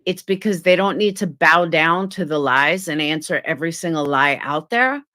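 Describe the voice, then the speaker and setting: A woman's voice: sits low, normal speed, pushed and bright. A woman on a live stream telling a story and ranting bluntly, with swearing. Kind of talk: casual live-stream rant.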